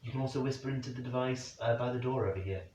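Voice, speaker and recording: A man's voice: mid-range voice, racing, a little mellow. A man investigating the paranormal at night in a room, speculating aloud and calling out questions to spirits. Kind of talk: thinking aloud during a night vigil. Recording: very echoey, distant, dull lo-fi sound.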